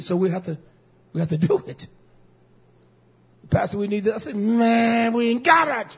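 A man preaching as a pastor, lively and storytelling, acting out conversations with people from his congregation. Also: sits high, husky. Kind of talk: sermon. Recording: dull lo-fi recording.

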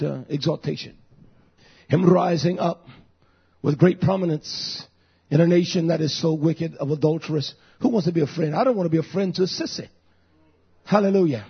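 A man in his fifties preaching a fiery sermon, breaking into shouts. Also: fairly high pitch, normal speed, pauses often, husky. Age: 50s. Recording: dull lo-fi recording.

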